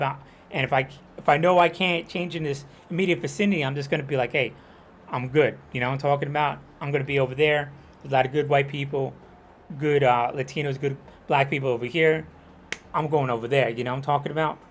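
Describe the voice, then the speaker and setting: A young man talks over his gameplay stream in a loose, rambling rant. His voice sits a little high, and he gets heated and swears freely. He keeps circling back with "you know what I'm talking about". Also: a bit bright, a little hiss or hum. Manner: heated, profane. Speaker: gaming streamer. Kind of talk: casual livestream rant.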